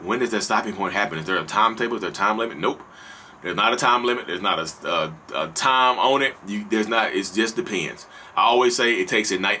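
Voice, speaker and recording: Man, Southern North Carolina accent, lowish voice, bright edge, casual vlog talk, earnest, repeats himself. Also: a little hiss or hum. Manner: earnest, repetitive, conversational, addresses listeners directly. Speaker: vlogger discussing narcissism. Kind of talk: casual to-camera monologue.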